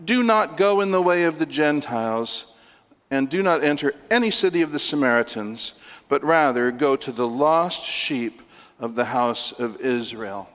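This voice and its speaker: A man's voice: medium pitch, animated, measured pace, fairly bright tone. A man preaching an expository sermon, emphatic as he walks listeners through scripture references. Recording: long reverb of a large hall.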